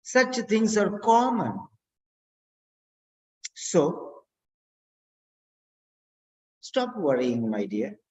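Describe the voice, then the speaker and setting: Brief: unhurried teacher drilling phrases, animated pitch, muffled sound. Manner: slow, deliberate, repeats key words. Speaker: language teacher. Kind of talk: instructional lesson. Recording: dull lo-fi recording.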